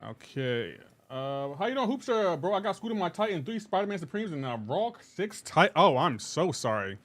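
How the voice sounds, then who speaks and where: A man's voice: on the high side, big pitch swings, normal speed, a bit bright. A man streaming a game live, chatting casually and greeting his viewers one by one in an upbeat, talkative way. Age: adult with a child.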